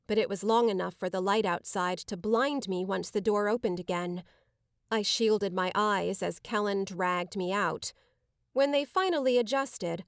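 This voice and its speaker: A woman giving measured, dramatic first-person narration of an audiobook. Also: medium pitch, no room sound, clean studio sound.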